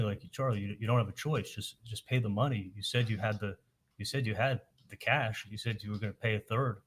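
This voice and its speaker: A man on the witness stand, recounting events haltingly and quoting the dialogue in detail. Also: lowish voice, slight background noise. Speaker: witness testifying at a trial. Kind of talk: courtroom testimony.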